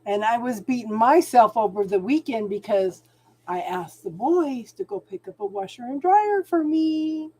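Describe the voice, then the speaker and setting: Middle-aged lady doing a chill spiritual livestream, chatty, kinda high voice, talks to viewers by name. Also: expressive, moderate pace, a little mellow, husky. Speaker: spiritual channel host. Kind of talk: casual livestream chat.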